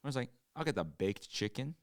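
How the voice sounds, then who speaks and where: A young man co-hosting a podcast, telling stories in casual chat and loudly acting out what people said. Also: medium pitch, fairly quick, no room sound, studio quality. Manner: animated storytelling, acts out quotes loudly. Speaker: podcast co-host.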